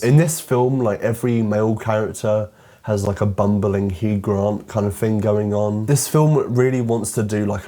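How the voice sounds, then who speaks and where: Sarcastic young British man, low mellow voice. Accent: British English. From Britain. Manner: sarcastic and wry, with many filler "like"s. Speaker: film commentator. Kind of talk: casual video essay commentary.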